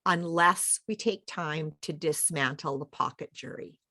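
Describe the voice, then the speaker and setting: A woman leading a group book discussion, explaining slowly and with emphasis. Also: low voice, bright, forceful tone, no echo. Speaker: discussion leader.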